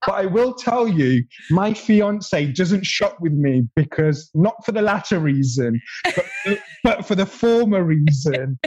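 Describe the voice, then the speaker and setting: A man's voice: sits high, lively intonation, a little slow, a little mellow, breathy edge, highs cut off. A man talking as a guest chef in a casual podcast chat, explaining gut health with enthusiasm and laughing easily.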